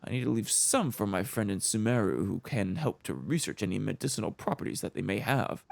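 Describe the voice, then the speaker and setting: A man's voice: lowish voice, lively intonation, fairly quick, vocal fry, darkish tone. A man voicing a playful, eccentric young female adventurer who talks in a light, offhand way. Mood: breezy.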